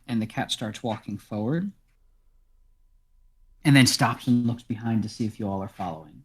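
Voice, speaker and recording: A man narrating as game master in a tabletop game, describing scenes with a relaxed, steady delivery. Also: lowish voice, normal speed, pauses often, husky.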